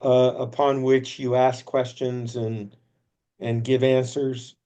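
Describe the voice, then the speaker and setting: A man's voice: mid-range voice, flat delivery, slow, mellow. A man answering a question in class, tentative. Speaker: student.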